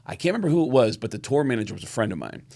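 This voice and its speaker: A middle-aged man spinning a long story on a podcast, casual and lively, jumping into the voices of the people he quotes. His voice sits at an ordinary middle pitch. He talks like he is chatting with a friend. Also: racing, vocal fry. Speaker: podcast co-host.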